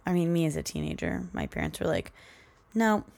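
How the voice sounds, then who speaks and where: A woman's voice: sits low, very animated, quick pace, creaky, mellow. A young woman hosting a podcast, telling a story in a chatty, rambling way and laughing often. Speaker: podcast host. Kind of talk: casual solo podcast storytelling.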